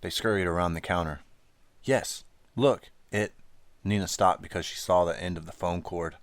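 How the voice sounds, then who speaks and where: Man, audiobook narrator, steady measured reading, very low voice, dry close sound. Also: dry recording. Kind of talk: scripted narration.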